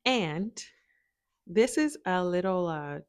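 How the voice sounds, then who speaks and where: A woman with a low, deep voice talks casually to a camera propped by her window. She rambles, laughs often and talks to her dogs between thoughts. The sound is dry and close, with no room echo. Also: animated, slow, clear, resonant tone. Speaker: spiritual video creator. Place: home, by a window.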